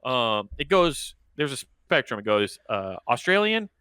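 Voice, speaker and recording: A man's voice: mid-range voice, big pitch swings, a little slow, sharp tone, clear, resonant tone, dry recording. A man hosting a comedy podcast in casual chat, rambling and laughing through his lines.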